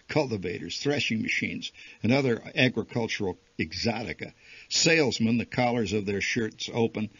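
A man reading a humorous short story aloud in a wry, lively storytelling manner. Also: on the low side, breathy edge, dry recording. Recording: dull lo-fi archival recording.

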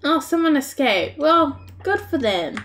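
Chatty Australian woman streamer, bright-pitched. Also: unhurried, slight background noise. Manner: chatty, animated, laughs often, talks to the game characters. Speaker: game streamer. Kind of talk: casual live-stream gameplay commentary.

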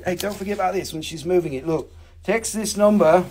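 A man's voice: high-pitched, brisk, a little mellow. A man hosting a live stream and selling rocks and crystals, with a playful, rambling, joking sales patter that repeats itself.

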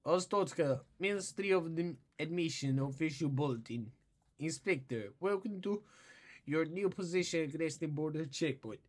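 A man's voice: a little high, expressive, moderate pace. A man putting on a stern mock-Russian official. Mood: stern, formal. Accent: mock Russian, put on. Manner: stiff, formal official delivery. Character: stern male state official reading bulletins.

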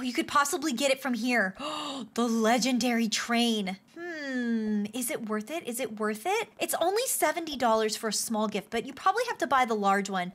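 A woman hosting a game video, talking through her play in an excitable, gushing way with frequent gasps. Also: high-pitched. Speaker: gaming channel host. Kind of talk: playful game commentary.

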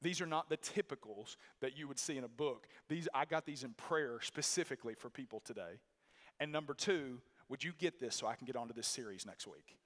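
A man's voice: medium pitch, a little fast, fairly bright tone. A male pastor preaching a sermon in a church, emphatic and repetitive, telling a story with many restarts. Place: church sanctuary. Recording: long reverb of a church hall.

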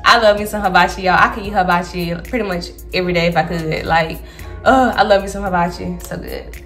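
A woman's voice: lowish voice, fairly even intonation, brisk, fairly bright tone, soft background music. A woman of twenty-five from Alabama with a Southern accent, chatting casually through a get-to-know-me Q&A and often saying y'all. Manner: chatty, says y'all often, laughs between answers. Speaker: vlogger.

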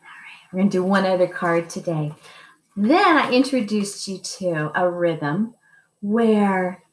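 A woman music teacher with a fairly high voice leads young children through a lesson, chanting rhythm syllables. Her lively, sing-song speech stays patient and encouraging throughout. The recording has a noticeable echo.

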